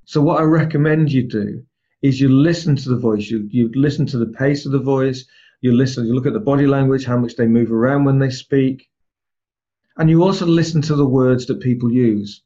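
A man teaching a group, explaining ideas and sometimes speeding up or slowing down to show a point. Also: medium pitch, warm tone. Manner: explanatory, varies pace to demonstrate points. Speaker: trainer. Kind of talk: lecture to a group. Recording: slightly dull, lo-fi.

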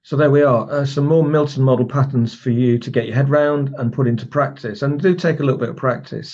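A man's voice: mid-range voice, warm tone, highs cut off. A man teaching a recorded lesson as a trainer, explaining techniques step by step with demonstration phrases and frequent restarts.

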